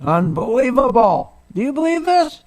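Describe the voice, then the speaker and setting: A man's voice: very high-pitched, very animated, moderate pace. A middle-aged man hosting a talk radio show, ranting indignantly and incredulously with plenty of rhetorical questions. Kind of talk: animated talk radio monologue.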